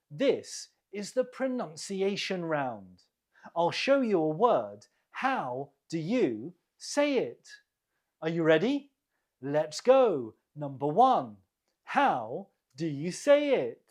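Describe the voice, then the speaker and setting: An English teacher hosting a quiz for learners, reading slowly and deliberately, repeating each word and explaining where the stress falls. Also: mid-range voice, sing-song, darkish tone.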